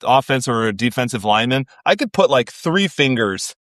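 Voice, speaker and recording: A man's voice: medium pitch, normal speed, no echo. A man with an ordinary mid-range voice muses in an easygoing, humorous podcast chat, full of "like" fillers. The recording is dry and close. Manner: relaxed, humorous, reflective, with many "like" fillers. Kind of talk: casual chat.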